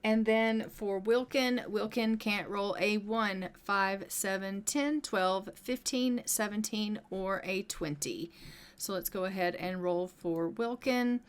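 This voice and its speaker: Woman, casual game commentary, chatty, step-by-step narration, mid-pitched voice. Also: smooth. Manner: chatty, narrates every step, voices the sims in quick asides. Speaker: gameplay narrator. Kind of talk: casual let's-play commentary.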